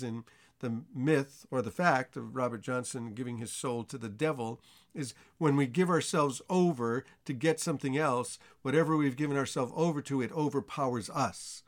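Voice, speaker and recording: A man's voice: mid-range voice, moderate pace. A man preaching a sermon, reading scripture aloud and explaining it in plain, conversational asides.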